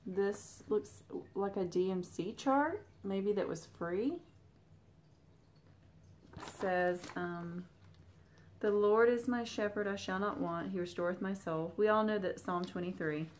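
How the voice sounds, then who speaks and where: A woman's voice: medium pitch, slow pace, a little hiss or hum. A young woman with a Southern US accent, chatting casually to her viewers as she unboxes and shows off old craft patterns. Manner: chatty, talks straight to viewers. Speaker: Flosstube vlogger. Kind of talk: casual chat while unboxing.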